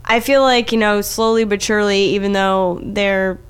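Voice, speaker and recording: A woman co-hosting a casual podcast, ranting with exasperation and plenty of swearing. Her voice is smooth and clear, pitched in the middle range. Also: steady tone, moderate pace. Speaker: podcast co-host. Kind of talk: casual chat.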